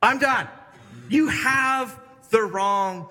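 A man's voice: extremely high pitch, very slow, bright, forceful tone, full character voice. A man acting out a frightened, reluctant man pleading to be spared a task. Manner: anxious, pleading. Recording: echoey hall.

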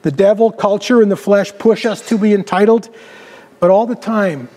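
A male pastor with a notably high voice tells sermon stories with dramatic swings, sinking quiet and low to land a point. His words ring out with a long, hall-like reverb. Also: slightly rough. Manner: dramatic, varies pitch and loudness, drops low for emphasis. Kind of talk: storytelling sermon.

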